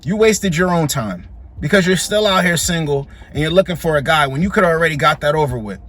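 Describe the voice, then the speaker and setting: A man's voice: on the high side, lively intonation, fairly quick, fairly bright tone. A man giving blunt, slangy reaction commentary on dating clips, scolding and dismissive.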